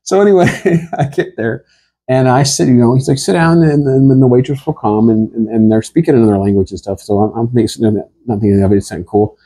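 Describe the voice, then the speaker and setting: A man telling a rambling, animated comic story, laughing through it and acting out the people in it. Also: medium pitch, fast, slightly rough.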